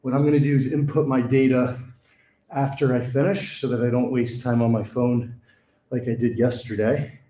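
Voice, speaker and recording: A man's voice: mid-range voice, flat delivery, normal speed, mellow, echoey room. A young man chatting casually while working out in a small gym, sighing and out of breath between exercises. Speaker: fitness vlogger. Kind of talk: casual talk during a workout.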